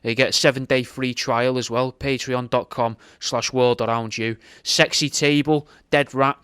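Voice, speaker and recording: A man's voice: medium pitch, fairly even intonation, normal speed, fairly bright tone, smooth, no echo, studio quality. A man hosting a podcast, casually plugging his subscription page and chatting offhandedly to listeners. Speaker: podcast host.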